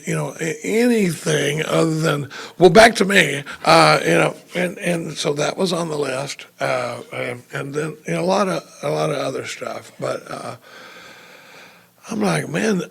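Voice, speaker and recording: A man's voice: a little high, a little slow, fairly bright tone. A man speaking at a recovery retreat, telling a self-mocking story to a live audience with many restarts. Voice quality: gravelly, raspy. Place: retreat meeting room with audience.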